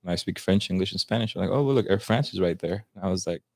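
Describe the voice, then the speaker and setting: Speaking very fast in a fairly low, slightly mellow voice, this podcast guest is a twenty-something American man from a Salvadoran family. He spins a long story in casual chat, full of slang and Spanish phrases, on a dry recording.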